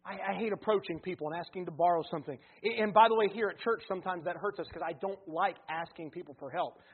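A male pastor in his thirties delivers a sermon in a high, light voice. He swings between loud, fervent preaching and hushed, personal asides. The sound is narrow and thin, like a phone line. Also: fast talker, slightly rough.

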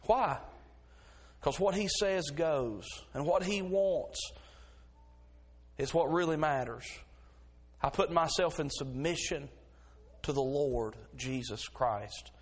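A man's voice: a little high, husky. A middle-aged man preaching a sermon as pastor, folksy in his stories and rising to fervent preaching.

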